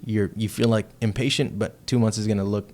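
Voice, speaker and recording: A man from Texas, a heavy metal band member, telling a story as a podcast guest in a loose, profane and excitable way. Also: fairly low pitch, brisk, a little hiss or hum. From Texas, United States. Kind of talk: casual storytelling chat.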